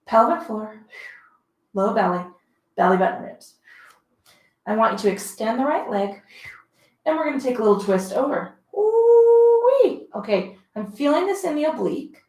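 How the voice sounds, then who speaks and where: A woman leading a mat pilates class at home, giving chatty, encouraging cues between breathy exertion sounds. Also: on the high side, lively intonation, moderate pace, pauses often. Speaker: pilates instructor. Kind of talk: guided workout instruction. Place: home room, dogs heard about. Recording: roomy echo.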